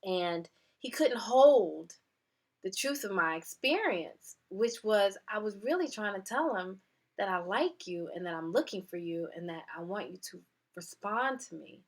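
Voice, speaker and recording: A woman's voice: medium pitch, a little slow. A woman wellness coach telling personal stories in a casual motivational talk, acting out quotes with laughter. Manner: animated storytelling with acted-out quotes and laughs.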